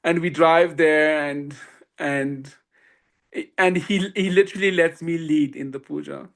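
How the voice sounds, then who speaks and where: A man, a swami and podcast guest, telling a personal story in an animated way with frequent laughter and acted-out dialogue. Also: a little high, unhurried.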